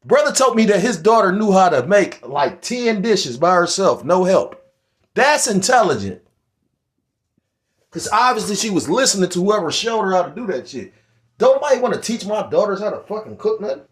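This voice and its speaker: A man's voice: high voice, sing-song, normal speed. A middle-aged man giving rambling, profane commentary on scripture and current events, heated and full of restarts. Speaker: religious commentator.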